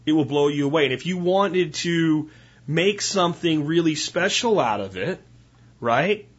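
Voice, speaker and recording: Male podcast host, husky, mid-pitched, casual how-to talk, muffled lo-fi sound. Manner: chatty, instructional, with frequent "right?" asides.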